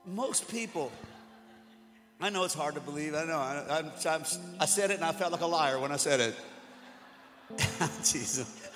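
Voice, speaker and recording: High-voiced male preacher in a reverberant hall. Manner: conversational, joking, with acted-out quotes. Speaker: pastor. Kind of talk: sermon. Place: church hall before an audience. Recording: hall reverb with music behind.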